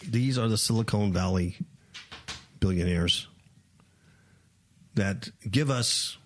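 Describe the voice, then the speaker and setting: A man's voice: fairly low pitch, slow, slight background noise. A man co-hosting a talk radio show, ranting animatedly with frequent laughs. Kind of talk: opinionated talk radio chat.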